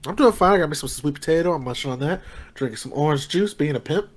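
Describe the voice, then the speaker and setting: Male co-host, joking and slangy, talks fast in a slightly high voice. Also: lively intonation. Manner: laid-back, joking, slangy. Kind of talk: casual livestream chat.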